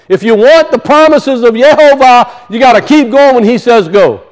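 High-voiced man preaching a sermon. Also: moderate pace, few pauses. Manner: emphatic preaching with rhetorical questions and colloquial asides. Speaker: pastor.

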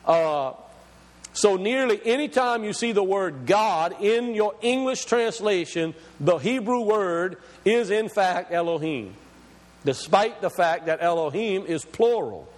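Man preaching, emphatic and questioning, fairly high voice, long hall reverb. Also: animated, measured pace. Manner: emphatic, questioning, explains scripture word by word. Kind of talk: teaching sermon.

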